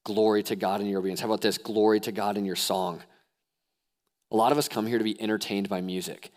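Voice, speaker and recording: A young man preaching a sermon as pastor, animated, swinging from hushed lows to excited near-shouts. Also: fast talker. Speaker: youth pastor.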